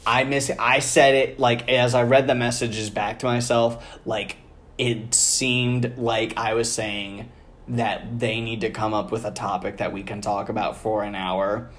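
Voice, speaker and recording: A woman's voice: very deep voice, steady tone, unhurried. A young woman hosting a podcast, chatting casually and playfully and laughing often. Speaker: podcast host.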